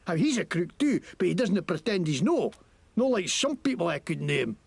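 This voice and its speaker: Foul-mouthed scottish crook in a game, gravelly, pitch all over the place, dry close sound. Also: male voice, very animated, normal speed, no room sound, exaggerated voice. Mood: boastful. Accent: put-on Scottish. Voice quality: gravelly, profane, blustering. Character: crude Scottish male shopkeeper, boastful crook. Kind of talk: video game voice acting.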